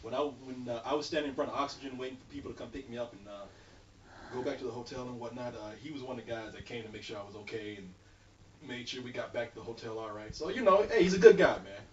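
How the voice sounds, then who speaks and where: Man, casual storyteller, animated, rapid, roomy echo, distant. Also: medium pitch, highs cut off, a little hiss or hum. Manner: animated, laughs through stories, swears.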